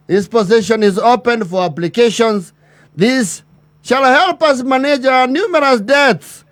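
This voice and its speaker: A man delivering a mock formal address as a pompous chairman, with bureaucratic phrasing and drawn-out pauses. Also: high-pitched, dry recording.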